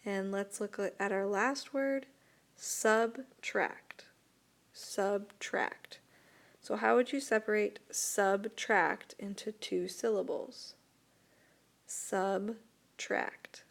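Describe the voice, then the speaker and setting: A woman teacher talks through a recorded lesson at a very slow, careful pace. Her voice has a gravelly edge. She repeats words clearly for young students. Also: mid-range voice, steady tone. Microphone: tablet microphone.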